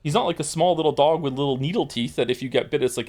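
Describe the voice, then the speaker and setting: A man streams and chats casually with his viewers, rambling through stories full of fillers, restarts and blunt swearing. His voice sits a little high with a darkish tone, and he talks at a quick pace. His manner is profane and blunt.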